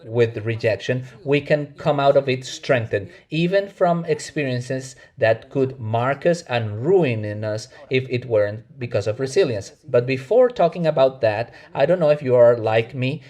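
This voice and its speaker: Earnest preacher, Mexican Spanish accent. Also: male voice, mid-range voice, a little mellow. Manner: earnest, measured preaching with self-corrections. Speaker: pastor. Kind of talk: sermon.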